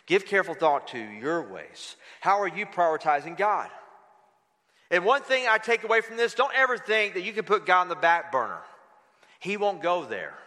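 A man preaches in an animated style, dramatizing scripture as he goes. His voice sits high for a man and rings bright and forceful. Long reverb from a large hall trails each phrase. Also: normal speed. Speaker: pastor. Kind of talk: sermon.

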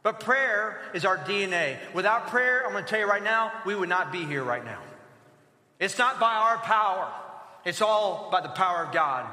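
A man's voice: sits high, lively intonation, normal speed, sharp tone. A man preaching a sermon as pastor, leading his congregation in rousing call-and-response. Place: church sanctuary. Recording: roomy church hall reverb.

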